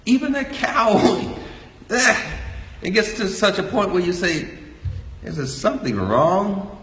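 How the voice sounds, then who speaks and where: A man's voice: high-pitched, expressive, moderate pace, a bit bright. An older man giving a folksy, joking talk to a live audience. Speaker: speaker. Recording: echoey hall.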